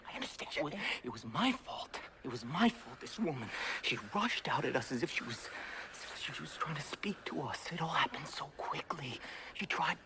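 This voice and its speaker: An actor playing a polished rich man who pleads in a hushed, anxious voice, in a film scene. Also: a little high, animated, fairly quick, very noisy. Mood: desperate. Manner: hushed, pleading, says old sport. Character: charming rich man, anxious and desperate under his polish. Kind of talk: film drama acting. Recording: film clip with loud music underneath.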